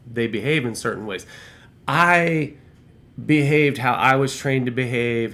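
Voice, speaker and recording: A middle-aged man with a medium-pitched, slightly bright voice tells a long story from work. Once a restaurant shift manager, he rambles casually, swears and restarts often.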